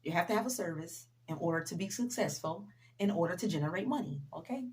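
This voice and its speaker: Speaking to her viewers directly, this woman delivers a casual motivational talk at a quick pace, her lowish, slightly mellow voice full of lively intonation. As a motivational vlogger, she keeps it conversational, leans on "you know" often, and repeats her key sayings to drive them home.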